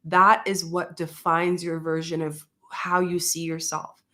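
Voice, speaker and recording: A young woman sharing a channeled spiritual message in a casual, earnest way, then leading a soft guided meditation. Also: fairly low pitch, flat delivery. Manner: earnest, conversational, with slow soft guided breathing cues. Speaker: spiritual guide and card reader.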